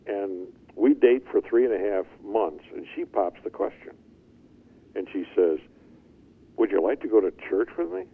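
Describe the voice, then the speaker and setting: An older man telling his life story as an interview guest, animated and chuckling as he goes. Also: fairly low pitch, normal speed, breathy edge. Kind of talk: storytelling testimony. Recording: tinny phone-like line.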